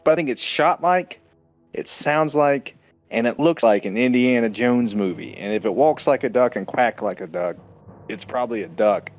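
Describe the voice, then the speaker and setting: A man's voice: mid-range voice, normal speed, muffled recording, soft background music. A man co-hosting a casual movie podcast, enthusiastic, swearing freely and acting out scenes. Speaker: podcast co-host. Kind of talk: casual movie review chat.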